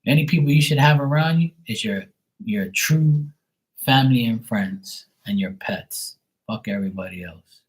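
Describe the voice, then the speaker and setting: A man's voice: medium pitch, normal speed, poor audio. A man chatting casually on a live tarot stream, blunt and swearing freely. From Bermuda.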